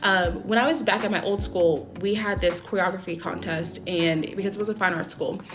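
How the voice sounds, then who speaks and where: A woman's voice: mid-range voice, fairly even intonation, fairly quick, music in the background. Blunt, swearing young woman telling a story. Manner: blunt, heavily profane, emphatic retelling. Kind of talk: casual storytime monologue.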